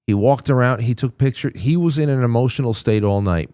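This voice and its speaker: A man's voice: mid-range voice, fairly quick, mellow, clean tone, no echo, clean studio sound. A man hosting a talk show in casual on-air chat, rambling with lots of restarts and stammers.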